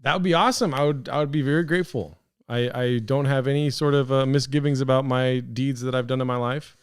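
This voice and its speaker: Sarcastic male streamer, smooth voice. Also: medium pitch, fairly even intonation, quick pace. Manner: dry, sarcastic, rambling. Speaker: streamer reacting to clips. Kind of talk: casual reaction stream.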